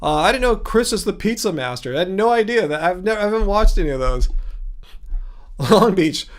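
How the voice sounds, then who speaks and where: A man's voice: sits high, expressive, fairly quick. A man hosting a casual livestream, answering viewer comments in a rambling way with frequent restarts and chuckles. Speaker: livestream host.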